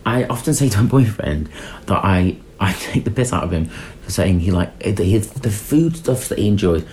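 A man's voice: lowish voice, normal speed, slight background noise. A man on a podcast, chatting casually and riffing comically. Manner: comic, animated, riffs with mock voices. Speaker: podcast guest. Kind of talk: casual chat.

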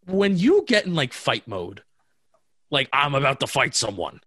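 A man's voice: medium pitch, big pitch swings, unhurried, pushed and bright, dry recording, studio quality. A man co-hosting a podcast in casual chat, bantering and teasing his co-host.

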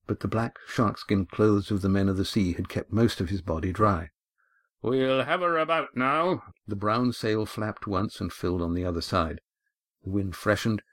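A low-voiced male narrator reads an audiobook chapter in a measured, even manner. He's on a studio mic, and the sound is close and very dry, with no room sound at all.

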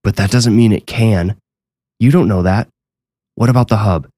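A man's voice: lowish voice, normal speed, dark tone, dry recording, studio quality, natural voice. A man voicing an eager young male ghost hunter in a horror story, pleading insistently. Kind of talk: audiobook horror reading.

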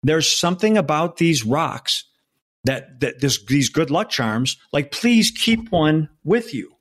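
A man's voice: a little high, expressive, a bit bright. Earnest man in his sixties. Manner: earnest and emotional, halting with many restarts. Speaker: former undercover federal agent, guest. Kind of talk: personal storytelling in an interview.

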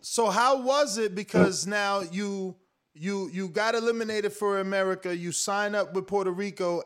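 A man hosting a casual talk show, asking chatty, halting questions. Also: high-pitched, a bit bright. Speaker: host. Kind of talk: casual interview.

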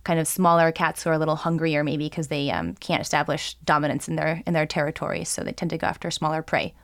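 A woman co-hosting a casual talk show, explaining things in a measured, informative way. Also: sits low, flat delivery, creaky, no room sound, studio quality. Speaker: podcast co-host. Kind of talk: casual chat.

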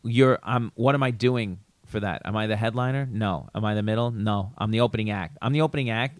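A man's voice: a little fast, hardly any pauses, no room sound. A male comedian and podcast co-host telling stories in casual chat, acting out quoted lines with a raised voice. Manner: animated storyteller who acts out quotes in a raised pitch.

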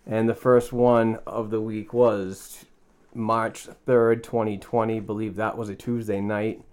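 A man's voice: fairly low pitch, flat delivery, a little slow, a little mellow. A man with a New England accent hosting a casual sports podcast from a home studio, chatty and prone to restarts. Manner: loose and chatty, with repeated restarts. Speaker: podcast host.

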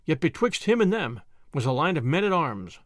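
A man reading a classic adventure story aloud in an expressive storytelling manner. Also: a little high, normal speed, no echo, clean studio sound. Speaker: narrator. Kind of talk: audiobook narration.

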